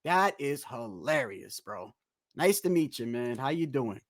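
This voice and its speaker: A man's voice: mid-range voice, measured pace, no echo. Blunt ranting man on a dry mic. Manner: blunt, animated, cursing, addresses chat. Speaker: livestream host. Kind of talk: casual live-stream rant.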